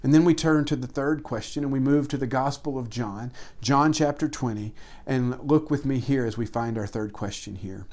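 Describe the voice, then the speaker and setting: A pastor preaching a sermon with earnest, emphatic repetition, rising for stress and dropping to hushed tones. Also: male voice, medium pitch, normal speed.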